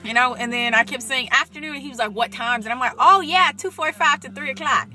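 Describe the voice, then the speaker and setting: A young woman talking straight to her viewers in an excited, rambling casual vlog, with plenty of asides to the audience. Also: on the high side, fast talker, soft background music. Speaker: vlogger.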